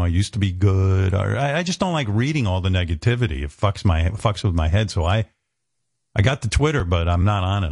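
Middle-aged male radio host, low-pitched, crude and self-deprecating, close and dry. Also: darkish tone, no echo. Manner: blunt and profane, self-deprecating. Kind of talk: candid on-air talk.

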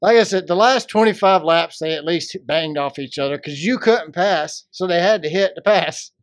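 A man's voice: on the high side, moderate pace, no room sound, clean studio sound. A man co-hosting a podcast, joking around in casual chat with folksy slang. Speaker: podcast co-host.

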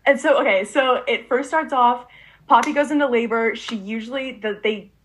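A woman's voice: a little high, normal speed, fairly bright tone, slight background noise. A teenage girl in an interview, telling a long story eagerly and rambling, with frequent fillers and restarts. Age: late teens. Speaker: interviewee, student puppy breeder.

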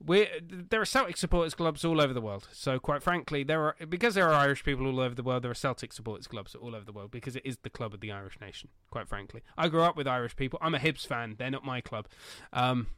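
A man co-hosting a casual football podcast, talking animatedly with loud bursts, swearing and laughing at his own jokes. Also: medium pitch, animated, fast, hardly any pauses, no echo, studio quality. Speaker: podcast co-host.

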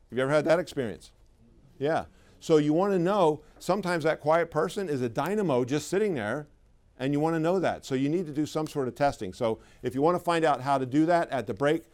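A middle-aged man leads a live sales training, his voice a touch higher than most men's. He talks in an easy, conversational way but leans hard on his key points, often turning to the audience with questions. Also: darkish tone. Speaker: sales trainer for clinic owners. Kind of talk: live seminar talk to an audience.

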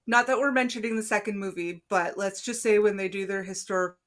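A woman co-hosting a casual movie review podcast, chatty and quick to laugh, with plenty of fillers. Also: mid-range voice, fairly even intonation, fairly bright tone. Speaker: podcast co-host.

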